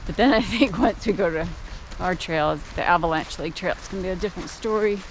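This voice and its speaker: An older woman chatting casually as she films a hike on a forest trail and points out the sights. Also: lowish voice. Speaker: vlogger. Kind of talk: casual hiking vlog narration. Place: outdoor forest trail by roaring water. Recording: outdoor camera audio with clear rushing-water noise.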